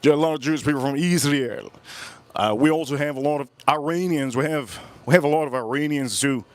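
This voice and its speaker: A man's voice: on the high side, a little fast, no echo. Rambling storytelling man, dry close sound. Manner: rambling, repeats himself, animated retelling with quoted voices. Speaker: whiskey channel host. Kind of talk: casual livestream storytelling. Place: Miami area, USA.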